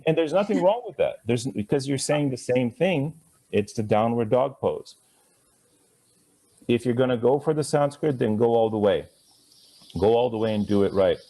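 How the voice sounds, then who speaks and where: A man's voice: medium pitch, normal speed, mellow. Playful man teaching pronunciation to a class. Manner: conversational, drawing out words to model pronunciation; playful, chuckling asides. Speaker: Sanskrit teacher.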